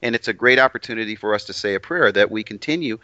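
A Christian co-host in a casual discussion, speaking in a measured, earnest way with some hesitation. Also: male voice, lowish voice, pushed and bright, dry recording, highs cut off.

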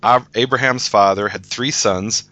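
A lower-pitched man with a bright, forceful tone, patiently walking listeners through a passage in a casual discussion. He restarts sentences often as he explains, and the sound is dry and close. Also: fairly even intonation, moderate pace, no room sound, muffled recording. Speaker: guest teacher of Hebrew scripture.

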